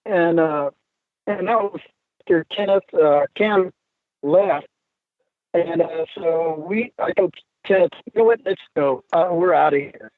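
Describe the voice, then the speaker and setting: A man guest recounting his experience in a halting, hard-to-hear way over the phone. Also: fairly high pitch, no echo. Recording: tinny dry phone line.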